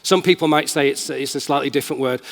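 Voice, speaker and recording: A man's voice: medium pitch, quick pace, vocal fry. A man with a Manchester accent giving an enthusiastic, casual live tech demo as a conference keynote speaker in a large hall. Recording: long hall reverb.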